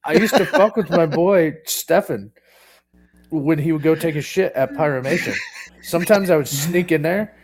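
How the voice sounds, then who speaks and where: Man co-host, slightly high voice, crude prank stories, chuckling often. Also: moderate pace. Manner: crude, laughing prankster storyteller. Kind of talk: casual podcast chat.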